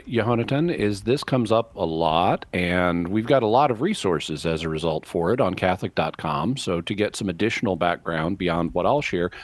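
A man on a call-in radio show, explaining answers to callers in a measured way, drawing out key words. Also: low-pitched, no echo. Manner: explanatory, measured, drawn-out stresses. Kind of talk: live call-in radio talk.

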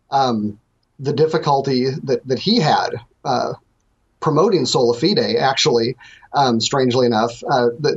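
Man, guest theologian, thoughtful halting explanations, slightly husky, muffled sound. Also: medium pitch. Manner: thoughtful, hesitant, many ums and restarts. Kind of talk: explaining on a call-in show.

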